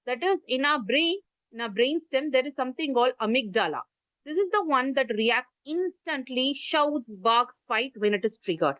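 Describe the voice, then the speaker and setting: A woman's voice: sits high, expressive, normal speed, a bit bright, dry recording. A woman with an Indian English accent giving an online parenting class over a video call, explaining with gestures and asking listeners to type in the chat. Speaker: parenting workshop speaker. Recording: muffled lo-fi video call audio.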